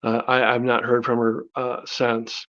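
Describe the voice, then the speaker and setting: A man casually telling his life story, animated, with many fillers and restarts. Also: medium pitch, measured pace, dull audio. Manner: animated, acts out quoted dialogue in his own voice.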